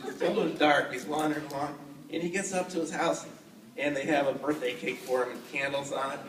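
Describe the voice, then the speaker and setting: A man's voice: on the high side, steady tone, brisk, reverberant, recorded from a distance, noisy background. Man telling a playful puppet story. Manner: playful, addresses the children. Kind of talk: children's puppet-show storytelling. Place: outdoor fair.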